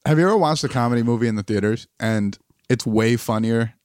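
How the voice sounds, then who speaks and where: A man's voice: medium pitch, fairly quick, darkish tone, no echo. Blunt, profane man in casual banter. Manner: profane, blunt, lots of "like" fillers.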